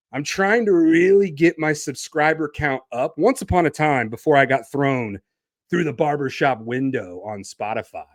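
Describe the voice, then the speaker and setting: Energetic man hyping his podcast. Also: fairly high pitch, dry recording, studio quality. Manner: energetic, hype-filled promo delivery; talks while standing and moving around. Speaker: podcast host. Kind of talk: casual podcast monologue.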